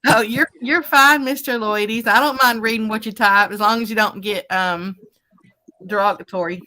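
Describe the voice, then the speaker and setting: A woman's voice: on the high side, fairly even intonation, normal speed, pushed and bright. A woman co-hosting a live stream, chatting casually and greeting viewers by name as she reads their comments. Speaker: live stream co-host reading chat. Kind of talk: casual chat.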